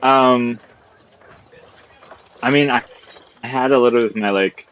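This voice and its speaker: A man's voice: medium pitch, unhurried, clear, resonant tone, highs cut off. A man playing a tabletop game who talks in a hesitant, rambling way, full of fillers. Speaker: player. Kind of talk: casual tabletop play.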